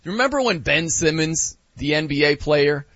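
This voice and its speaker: Lively, bright-voiced male sports host. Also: fairly high pitch, moderate pace, dry recording, highs cut off. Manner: animated, joking, rhetorical questions. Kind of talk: casual sports talk.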